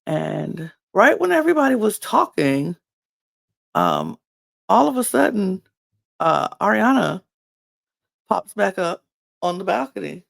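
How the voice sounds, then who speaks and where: A woman's voice: mid-range voice, wildly swooping pitch, a little slow, gravelly, long pauses. A woman casually recapping a reality show, chatty and rambling with frequent ums and restarts. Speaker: podcast recapper.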